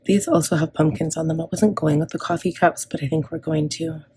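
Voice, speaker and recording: A woman's voice: sits low, steady tone, brisk, dark tone, husky. A woman from Canada in her thirties chatting casually as she plans and decorates her planner, rambling with frequent ums and restarts. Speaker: planner vlogger.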